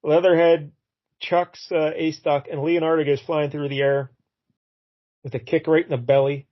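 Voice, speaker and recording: A man with a somewhat high voice casually recaps a comic book story for a podcast, full of fillers and little acted-out lines. The audio is a bit dull and lo-fi. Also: level tone, moderate pace. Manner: rambling, retells the plot and acts out characters' lines. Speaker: podcast co-host.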